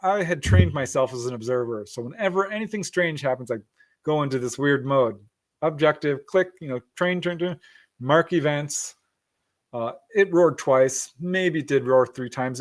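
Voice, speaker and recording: With a mid-range voice and a moderate pace, a middle-aged man tells a story as a guest on a podcast. It's a casual storytelling interview, full of acted-out quotes and frequent laughter.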